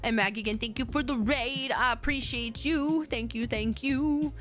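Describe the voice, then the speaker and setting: A woman's voice: on the high side, moderate pace, fairly bright tone, faint music behind. A woman streamer chatting casually with her viewers in a rambling, giggly way. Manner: rambling, chatty, giggly, reading chat aloud. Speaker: VTuber streamer. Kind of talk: casual chat stream wrap-up.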